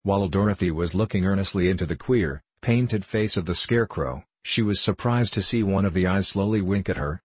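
Male audiobook reader, deep and husky, dry close-miked sound. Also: brisk, hardly any pauses, no room sound. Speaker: audiobook narrator. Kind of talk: scripted storybook narration.

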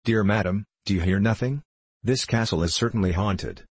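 A man reading the part of a young maid who gossips and frightens easily, in a husky, low voice. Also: moderate pace, no echo. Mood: chattering.

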